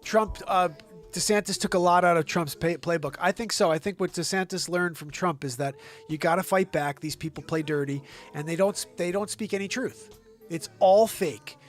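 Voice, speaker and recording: A man's voice: sits high, moderate pace, faint music behind. A man hosting his own online show, ranting about politics in a heated, profane and sarcastic way.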